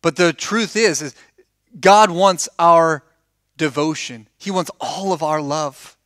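Pastor guy preaching, high bright voice, acts out the story, keeps asking the church stuff, dry close sound. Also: slow, no room sound. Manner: animated storytelling, acts out quoted dialogue; asks the congregation questions. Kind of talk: conversational sermon.

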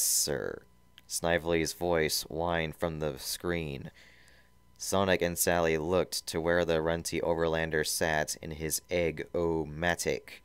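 Deep voiced guy reading fanfic out loud, mock serious, super clean dry close mic. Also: smooth, dry recording. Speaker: story reader. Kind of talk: reading fan fiction aloud.

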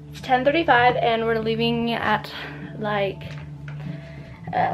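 A teenage girl vlogging casually, bubbly and gushing, with quick asides. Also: on the high side. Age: teens. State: groggy morning voice. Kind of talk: casual vlog chat.

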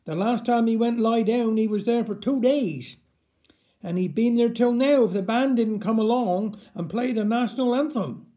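Man reading as easygoing cart-owning villager, plain, mellow. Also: very high voice, normal speed. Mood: wry.

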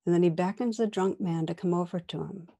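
A woman meditation teacher giving a dharma talk, telling a story in a gentle, measured way that sometimes drops to a soft whisper. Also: on the low side, steady tone.

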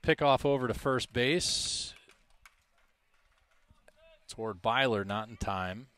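A man calling a high school baseball game play by play, reading out stats in a measured way. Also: a bit bright, smooth. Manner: measured, stat-heavy, self-deprecating asides. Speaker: play-by-play announcer.

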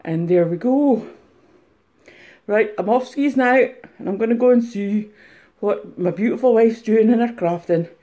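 A woman's voice: a little high, unhurried, warm tone, natural voice. A woman playing a jolly bearded reseller man. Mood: chatty. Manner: chatty, jolly, addresses viewers. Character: cheerful bearded male reseller, chatty. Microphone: mobile phone.

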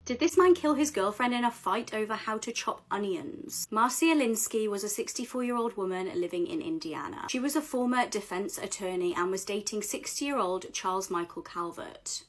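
A woman narrating a true crime story in a measured way. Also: medium pitch, animated.

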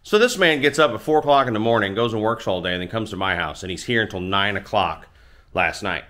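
A man's voice: on the low side, animated, quick pace, a bit bright. A middle-aged man hosting a motorcycle channel, telling a rambling, self-deprecating story in casual chat from his home garage.

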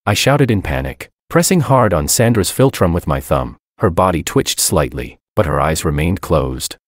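A man with a low voice narrates a first-person drama story, his pitch rising and falling expressively. The sound is dry and close, with no room echo. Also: very animated, normal speed, few pauses.

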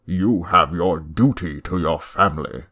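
A man's voice: low voice, a little slow, pushed and bright, exaggerated voice. A man voicing a stern, indignant older nobleman father in a story reading.

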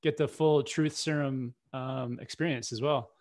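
A man's voice: medium pitch, fairly even intonation, unhurried, darkish tone. A man hosting a casual interview, mostly chiming in with short agreeing replies. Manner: brief agreeing replies with fillers. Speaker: interview host. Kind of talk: casual chat.

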